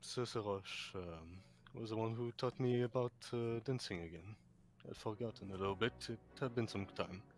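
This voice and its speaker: A man's voice: lowish voice, moderate pace. A man playing a knight at a tabletop game, speaking in a stiff, formal way. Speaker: player. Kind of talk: in-character tabletop play.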